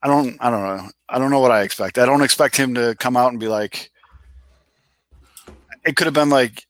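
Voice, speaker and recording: A man's voice: medium pitch, brisk, a bit bright, no room sound. A man co-hosting a casual sports talk show, chatting loosely with restarts and the odd swear word. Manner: conversational, rambling with restarts and swearing. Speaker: podcast co-host.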